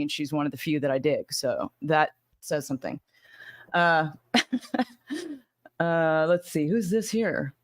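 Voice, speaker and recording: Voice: mid-range voice, fairly bright tone, dry recording, clean studio sound. A livestream host with a slight Southern US accent, chatting casually and rambling while greeting viewers by name. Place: home in Arizona.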